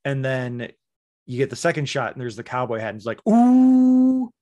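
A man talking casually on a podcast, animated and critical, sometimes slipping into mimicry. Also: mid-range voice, quick pace, highs cut off. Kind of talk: casual chat.

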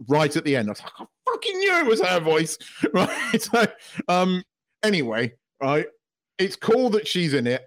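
A man co-hosting a podcast in casual chat, excitable, swearing freely and laughing often. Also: on the high side. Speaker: podcast co-host.

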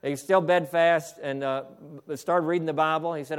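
A fervent male preacher with a high voice, preaching a sermon. He stumbles and restarts his phrases, then swells up to shouted declarations. Bursts of praise break into his flow. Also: fairly even intonation, moderate pace, hardly any pauses, clear, resonant tone. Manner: fervent, repetitive restarts, exclaims "hallelujah"; builds to shouting.

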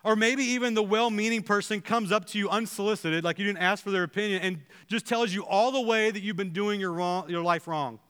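A man preaches a sermon in a high, bright voice, earnestly acting out the prayers and dialogue he quotes. His tone is clear and smooth. The sound carries a long reverb from a large church hall. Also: fairly quick, hardly any pauses. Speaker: pastor. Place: church sanctuary.

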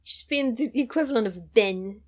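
Animated woman retelling a film. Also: fairly high pitch, moderate pace, a loud crowd. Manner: animated, acts out characters' lines in varied voices; laughs often. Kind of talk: casual chat retelling a film.

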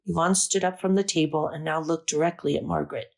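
A woman narrating a story aloud in a calm, measured reading. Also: low-pitched, vocal fry. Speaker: audiobook narrator.

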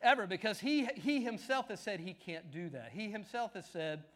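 A preacher with a drawl and a strikingly high voice, delivering a sermon to his congregation. He tells stories with rising energy, climbing into excited shouts at the peaks before settling back down. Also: moderate pace, hardly any pauses. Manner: animated storytelling, shouting at climaxes. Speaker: pastor.

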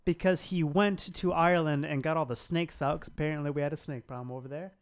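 A man's voice: fairly high pitch, quick pace. A man co-hosting a podcast, chatting casually and telling jokey stories. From United States. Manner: joking, lively storytelling. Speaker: podcast co-host. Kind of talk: casual chat.

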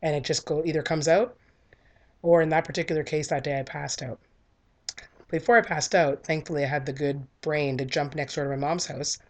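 A woman's voice: low voice, a little fast. Candid woman telling a personal story. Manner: candid, earnest and conversational. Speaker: speaker sharing a personal story.

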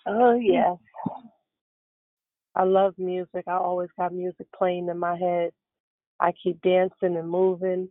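Fifties woman, prayer-line hostess, even flat delivery over a tinny phone line. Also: lowish voice, measured pace, pauses often, no room sound. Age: 50s. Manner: warm, greeting each caller. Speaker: prayer call host. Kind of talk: welcoming callers on a prayer line.

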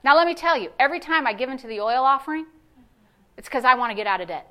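Woman, pastor, sermon, high bright voice, animated storytelling, emphatic repetitions. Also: fast. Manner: animated storytelling, acts out quoted voices, builds to emphatic declarations. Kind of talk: sermon with personal testimony. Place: church sanctuary.

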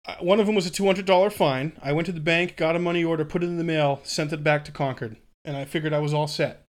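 A man's voice: on the high side, fairly even intonation, quick pace. A man in his twenties telling a story in casual chat, swearing freely and acting out what others said. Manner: swearing, laughing, acts out quotes.

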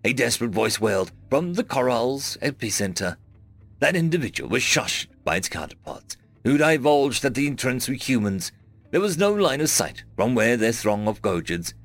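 A man narrating a first-person science fiction story in a measured storytelling manner. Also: medium pitch, very animated. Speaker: audiobook narrator. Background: faint background music.

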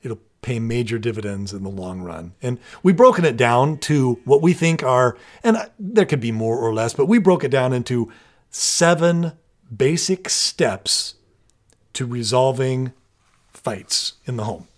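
A man's voice: medium pitch, lively intonation, unhurried. Middle-aged male co-host, earnest and chatty, explains in steps. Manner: earnest, explains step by step with many restarts. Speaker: parenting podcast co-host. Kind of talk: casual conversational explaining.

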